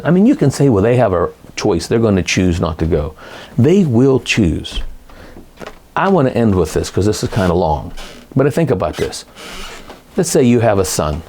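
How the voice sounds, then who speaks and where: Rambling man with a lively low voice. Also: slightly rough. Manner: rambling, animated, self-correcting. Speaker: lay Catholic speaker. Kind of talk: casual faith talk to camera.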